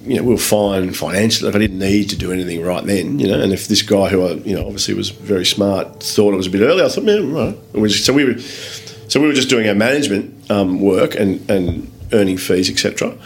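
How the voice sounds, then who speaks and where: A man with an Australian accent, a guest telling lively anecdotes in a casual interview, swearing freely and acting out other people's lines. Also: lowish voice, fast, gravelly, few pauses, slight background noise. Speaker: guest, business owner. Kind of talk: casual storytelling in a podcast interview.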